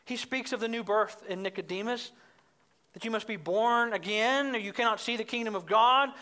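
A woman preaching an expository sermon in an emphatic way, getting higher and louder as she stresses her points. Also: normal speed. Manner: emphatic, rises in pitch and volume when stressing points.

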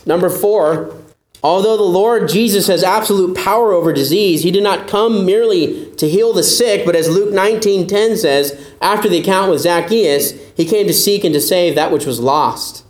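A male pastor preaching with a high-pitched voice, earnest and emphatic. The room adds a noticeable echo around his voice, and he hammers home his points with conviction. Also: moderate pace. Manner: earnest, emphatic preaching that acts out quoted doubters in a higher voice. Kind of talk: sermon.

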